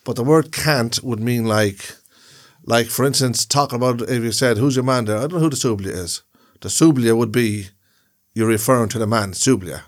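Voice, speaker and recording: A man's voice: mid-range voice, normal speed. An Irish man co-hosting a podcast, explaining things in a rambling way and repeating himself. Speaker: podcast co-host. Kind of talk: casual chat.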